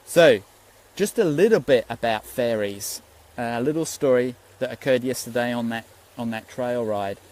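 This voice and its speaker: A man's voice: mid-range voice, moderate pace, darkish tone, rough recording. A man, a spiritual teacher giving an earnest, rambling Facebook Live talk and swearing freely.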